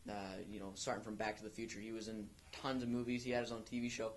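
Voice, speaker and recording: A man's voice: lowish voice, little pitch movement, quick pace, a little hiss or hum. A young man co-hosting an amateur podcast, chatting casually and rambling with many restarts. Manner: rambling, full of restarts and fillers. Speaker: podcast co-host. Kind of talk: casual chat.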